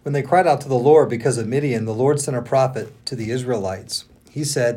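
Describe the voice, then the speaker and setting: A man co-hosting a podcast, reading scripture aloud in a measured, earnest way. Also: mid-range voice, warm tone, slightly rough.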